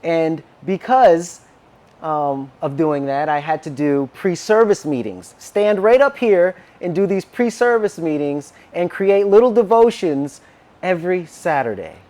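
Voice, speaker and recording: A man preaching a sermon, telling a personal story in an animated way and acting out the dialogue. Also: a little high, unhurried. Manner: animated, acts out quoted dialogue. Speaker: minister.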